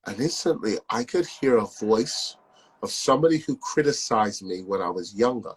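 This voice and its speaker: A man's voice: fairly low pitch, expressive, normal speed, slightly rough, poor audio. A man telling a personal story on a call, acting out the dialogue from it as he goes. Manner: acts out the dialogue in his story. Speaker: speaker sharing testimony.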